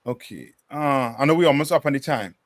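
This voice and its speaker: A man's voice: mid-range voice, brisk. A man teaching a bible class in a preaching style, emphatic and full of rhetorical questions.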